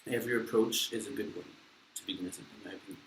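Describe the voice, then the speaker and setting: Young french-accented guy rambling over food, lowish voice, kinda echoey room. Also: fairly even intonation, racing, slight background noise. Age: young adult. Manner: rambling, blunt and profane, with many fillers. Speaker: vlogger. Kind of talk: casual mukbang chat while eating. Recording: echoey room with faint ambience.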